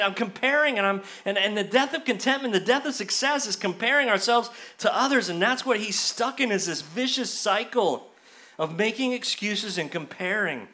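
Male pastor, high bright voice, lively church sermon that dramatizes the excuses he quotes. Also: normal speed. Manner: animated preaching, acts out quoted excuses in a higher voice. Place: church sanctuary.

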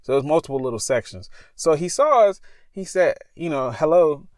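A man's voice: fairly high pitch, animated, brisk, darkish tone, no room sound, studio quality. A young man telling a spooky personal story as a podcast host, talking casually in a parked car. He rambles and stops to correct himself.

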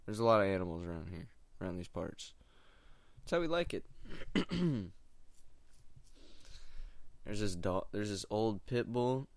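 Laid-back young man, low voice. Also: dry recording. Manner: laid-back, meandering, slangy. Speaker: stand-up comic doing open mics. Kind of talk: casual rambling monologue.

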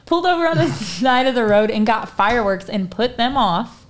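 A woman's voice: on the high side, expressive, moderate pace. A young woman co-hosting a casual podcast, telling stories animatedly, acting out quoted dialogue and laughing often. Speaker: podcast co-host. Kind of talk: casual storytelling chat.

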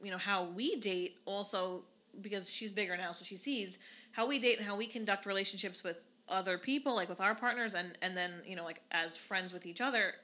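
A woman in her thirties co-hosting a casual podcast, telling stories in an animated way and swearing freely. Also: mid-range voice, a little fast. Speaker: podcast co-host, mother. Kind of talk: casual chat.

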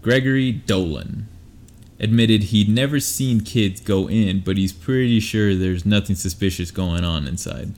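Chill young dude reading stuff out on a podcast, low voice, trips over words. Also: male voice, a little slow, a little mellow. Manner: laid-back, stumbles while reading. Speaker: podcast co-host. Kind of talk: casual chat, reading articles aloud.

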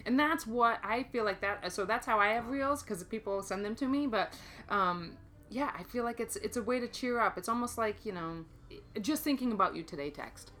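A woman's voice: fairly high pitch, expressive, normal speed, fairly bright tone. A woman chatting casually, talking reflectively and at length. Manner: reflective, talkative, laughs often. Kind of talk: casual chat.

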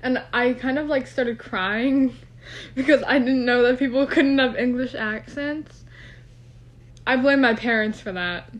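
Young female co-host, talkative and giggly, higher-pitched, casual home recording. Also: measured pace, lo-fi sound, slight background noise. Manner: chatty, rambling, laughs often. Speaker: podcast co-host. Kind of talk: casual chat. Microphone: no microphone, phone or computer.

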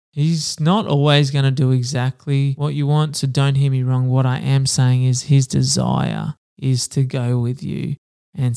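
A man hosting a Bible reading podcast, reading scripture aloud and then reflecting earnestly, sometimes halting as he speaks off the cuff. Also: medium pitch, vocal fry, a little mellow, clear, resonant tone.

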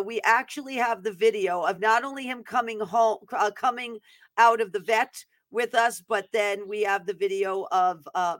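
A woman's voice: medium pitch, dry recording. A woman hosting a faith teaching show, praying earnestly and then chatting loosely with fillers. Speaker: host of a prophetic teaching show. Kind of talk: prayer and casual update before teaching.

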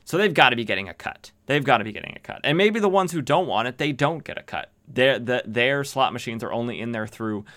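A man's voice: medium pitch, a bit bright. A man hosting a podcast, casually recapping an old comic with rambling, joking asides and lots of fillers. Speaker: podcast host.

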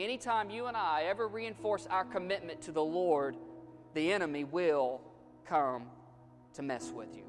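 A male pastor preaching a sermon in an emphatic, repetitive style. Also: on the high side. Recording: long reverb, faint music.

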